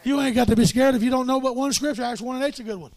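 A man preaching a call-and-response sermon, his voice high for a man and gravelly with fry. He drops to near-murmurs, then rises into shouts, all close and dry on the mic. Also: rapid-fire, dry recording.

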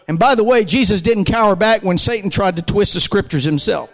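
A man preaching a fervent sermon, building to shouted emphasis and leading the congregation in call-and-response. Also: high-pitched, fairly quick, hardly any pauses, low-quality recording. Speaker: pastor.

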